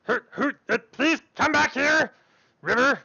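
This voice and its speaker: A man's voice: unhurried, vocal fry, pushed and bright, no echo, lo-fi sound, full character voice. A man voicing a small, eager and polite young girl in a tabletop game. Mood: flustered. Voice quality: high girlish voice.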